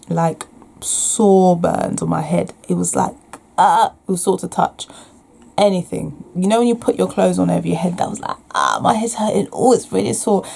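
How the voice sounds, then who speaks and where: A young adult woman with a mid-range voice and vocal fry talks candidly to the camera about her own experience. She's frank and reflective, restarting often and letting out soft sighs.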